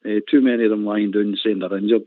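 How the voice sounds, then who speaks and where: A man's voice: fairly low pitch, fairly even intonation, quick pace, no room sound. A Scottish man calling in to a football phone-in, ranting passionately and laughing often. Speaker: caller. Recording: tinny phone line, dry.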